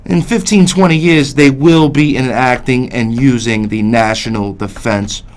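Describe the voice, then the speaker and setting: Male call-in host, heated ranting delivery, mid-pitched voice. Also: unhurried. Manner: heated, repetitive, swears under his breath. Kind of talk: ranting political call-in talk.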